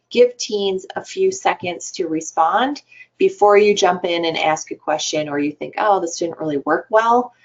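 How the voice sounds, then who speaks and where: Lady giving a health webinar, kinda low voice, chatty explaining, muffled computer mic sound. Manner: conversational, explanatory, with fillers. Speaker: webinar presenter, adolescent health provider. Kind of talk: webinar presentation. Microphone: computer mic on a webinar call. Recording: dull lo-fi webinar audio.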